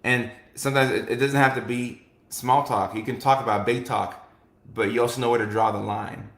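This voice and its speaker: A man with a mid-range, slightly bright voice hosts a casual talk show, speaking at a moderate pace in a steady tone. He chats loosely and answers viewers, often restarting and leaning on "like" and "you know." The room has a noticeable echo.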